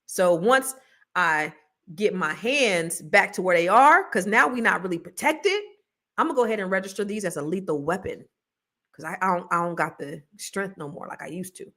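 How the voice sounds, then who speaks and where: A woman's voice: lowish voice, expressive, moderate pace, pushed and bright. A middle-aged woman hosting a podcast in a casual, rambling way, laughing often. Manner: chatty, rambling, laughs a lot, slangy. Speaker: podcast host. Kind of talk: casual chat with viewers.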